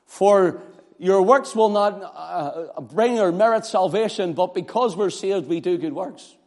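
A man's voice: high voice, a little slow, darkish tone, long reverb tail. A man with a Northern Irish accent preaching a sermon, building to impassioned, emphatic declarations.

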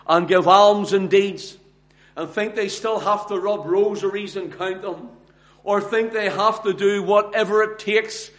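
Slow, high-voiced man preaching emphatically. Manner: slow, emphatic, with big swings between soft and loud. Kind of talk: sermon.

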